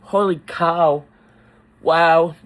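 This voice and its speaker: A man talking in a personal vlog, halting and choked up, pausing often between words. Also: fairly high pitch, steady tone, rough recording. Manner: slow, halting, with many pauses and fillers. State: tearful, choked up. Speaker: faith vlogger.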